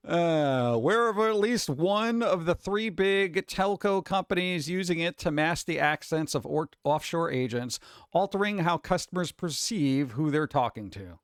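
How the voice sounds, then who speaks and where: A man's voice: a little high, moderate pace, dry recording, studio quality. A man hosting a live stream, chatting casually, reading chat aloud and swearing now and then. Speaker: streamer host.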